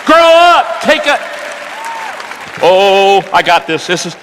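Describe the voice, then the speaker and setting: A man preaching a sermon, telling stories animatedly, dropping to hushed tones and rising to shouts. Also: high-pitched, expressive, slow, a crowd in the background, background noise.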